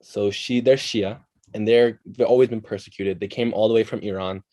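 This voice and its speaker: A young man from Canada, a podcast guest chatting casually and telling animated stories with quick asides. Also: lowish voice, no room sound. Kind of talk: casual chat.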